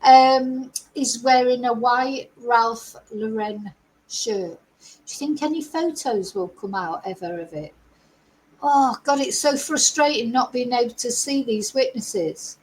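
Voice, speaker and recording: A high, bright-pitched woman talks through a true crime case live for her viewers. She takes her time and keeps putting questions to the audience. Her manner is chatty and opinionated. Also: low-quality recording. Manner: opinionated, asks the audience lots of rhetorical questions. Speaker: true crime channel host. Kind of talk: livestream commentary to viewers.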